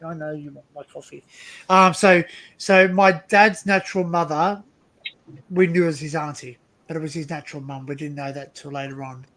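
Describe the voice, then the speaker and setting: A man's voice: a little high, little pitch movement, normal speed, a bit bright, rough recording. A man hosting a casual livestream chat, telling a family story in a rambling way with many restarts. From Australia. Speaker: livestream host.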